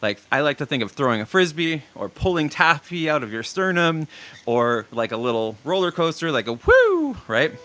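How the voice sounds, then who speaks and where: A man leading a casual singing lesson, relaxed and full of ums and restarts as he explains breathing and warm-ups. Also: on the high side, moderate pace. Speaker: vocal coach.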